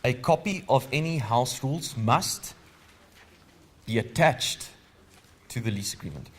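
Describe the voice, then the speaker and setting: A man with a South African accent teaches a live legal training seminar. He keeps an easy, conversational tone at an ordinary mid-range pitch. He often stops to put questions to the audience. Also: lively intonation, a little slow.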